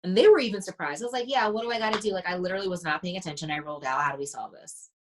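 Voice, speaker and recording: A woman's voice: lowish voice, rapid-fire, a little hiss or hum, low-quality recording. A woman mindset coach, a podcast guest, telling stories animatedly and acting out the dialogue she quotes. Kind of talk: casual podcast conversation.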